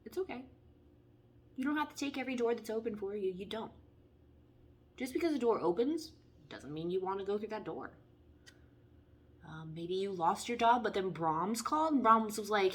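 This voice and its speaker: A young woman giving a casual, playful tarot reading, chatty and animated as she talks through the cards. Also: medium pitch, normal speed, pauses often. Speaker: tarot reader.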